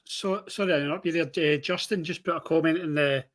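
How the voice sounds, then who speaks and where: Quick-talking man cutting in. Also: a little high, a bit bright. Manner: quick, jumps in with comments. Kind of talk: casual football chat.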